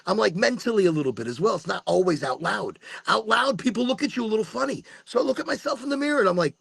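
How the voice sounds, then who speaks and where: A man's voice: high-pitched, quick pace, gravelly, breathy edge, no room sound. A man in his forties hosting a podcast, talking casually and swearing, acting out what he tells himself in the mirror. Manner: animated, swears, acts out his own inner talk. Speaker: podcast host. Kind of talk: casual monologue.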